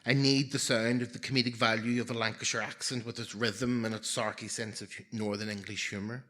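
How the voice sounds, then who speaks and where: A man's voice: medium pitch, little pitch movement, fairly quick, pushed and bright. A man in his forties telling a personal story live on stage, with wry, self-mocking humour and comic timing.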